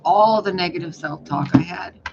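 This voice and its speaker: A man giving a casual spiritual reading, talking in a rambling, profane, animated way. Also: high-pitched, normal speed, gravelly, background noise. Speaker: spiritual reader. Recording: dull lo-fi recording.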